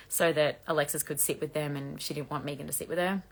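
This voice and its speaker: A woman hosting a gossip livestream, chatting fast and casually while reading comments, her voice croaky and going hoarse. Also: sits low, steady tone. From Australia. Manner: fast-talking, chatty, laughs often. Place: bedroom at home with laundry drying.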